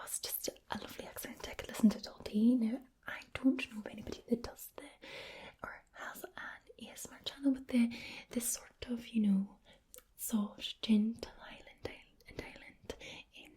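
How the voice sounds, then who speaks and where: A Scottish woman hosting an ASMR channel, talking in a soft unvoiced whisper with gentle pauses. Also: a little high. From Scotland.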